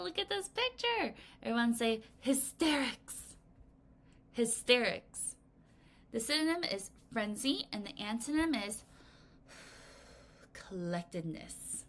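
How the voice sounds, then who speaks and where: A woman teaching a recorded vocabulary lesson for children, explaining words in a playful, expressive way and counting the class in to read aloud. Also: a little high.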